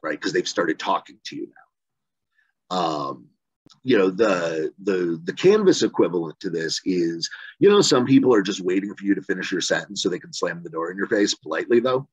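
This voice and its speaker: Male trainer, casual and rambling, lowish husky voice, dry dull video-call audio. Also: lively intonation, moderate pace, dry recording. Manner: conversational, rambling, many fillers and "right?" asides. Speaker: phone banking trainer. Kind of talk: casual virtual training talk. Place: home room, virtual session. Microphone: video call mic.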